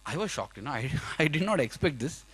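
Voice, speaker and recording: A young man giving a personal storytelling talk at a conference, acting out his own past prayers and dialogue. He swings between loud outbursts and hushed low passages. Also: sing-song, brisk, breathy edge. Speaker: speaker at a youth conference. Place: conference hall.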